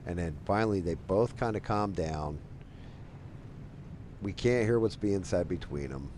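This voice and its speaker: A man in his forties streams a game while telling a long, wandering story, loose and packed with "like" and other fillers. His voice is deep and a little mellow, moving at a measured pace over a faint hiss or hum.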